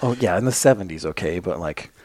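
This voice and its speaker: A man's voice: low-pitched, a little fast. A young man co-hosting a casual sports podcast, joking and arguing with his co-host. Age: young adult. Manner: joking, animated, argumentative.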